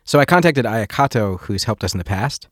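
A man's voice: lowish voice, lively intonation, brisk, no room sound, studio quality. A young man hosting a podcast, talking in a hesitant, self-deprecating way with frequent restarts. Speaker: podcast host. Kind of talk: casual chat and taped phone calls.

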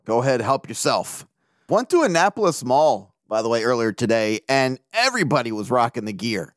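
A man's voice: mid-range voice, big pitch swings, brisk, dry recording, studio quality. A man from the area, hosting a casual sports podcast, brash and joking and swearing freely. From Baltimore area. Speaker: podcast host.

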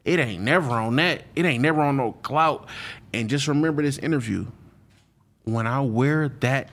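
A man's voice: medium pitch, moderate pace, a bit bright. A man speaking as an interview guest in a loose, slangy way, often repeating himself and restarting his sentences. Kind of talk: casual interview talk.

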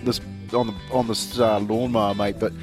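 A man's voice: lowish voice, little pitch movement, normal speed, music in the background. Laughing middle-aged New Zealand man. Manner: chatty storyteller, laughs often. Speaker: radio show co-host. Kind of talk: casual chat.

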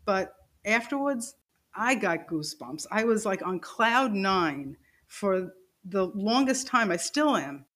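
A woman guest tells a personal story on a podcast, her voice in an ordinary middle range. She talks in an animated way, laughs along, and acts out the lines of the people in it. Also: mid-range voice, takes it slowly.

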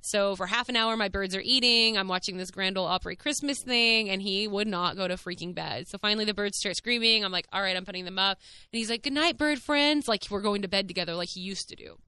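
Young woman hosting a podcast, candid and chatty with lots of fillers; crisp, bright voice, dry close sound. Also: medium pitch, quick pace, no room sound. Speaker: podcast host. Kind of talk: casual monologue.

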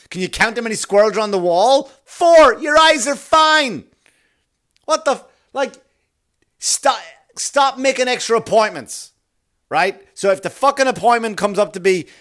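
Swearing, exasperated man ranting solo, slightly high-pitched. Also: a bit bright. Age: adult father. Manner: sarcastic, exasperated, swears constantly. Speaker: podcast host. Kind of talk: profane ranting monologue.

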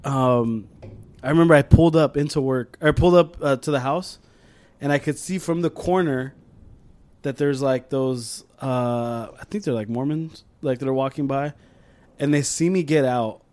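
A man's voice: mid-range voice, moderate pace. A man co-hosting a podcast, chatting casually and acting out the people in his stories. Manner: animated storyteller, acts out quoted voices. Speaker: podcast co-host. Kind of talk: casual chat.

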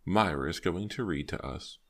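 A man reading aloud voices a frail, sly old woman with a slow, sweetly sharp drawl. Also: deep voice. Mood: genteel, teasing. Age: older.

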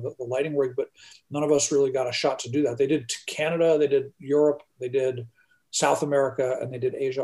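A man talking casually as a podcast co-host, pausing often with fillers and restarts. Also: medium pitch, darkish tone. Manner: hesitant, many fillers and restarts. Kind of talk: casual chat.

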